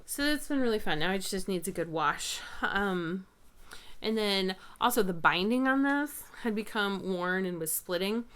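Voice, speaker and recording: A woman in her thirties hosts a podcast in a relaxed, casual chat. She tells family stories in a warm-hearted, chatty way at a middle pitch. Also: normal speed, clean tone. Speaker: podcast host.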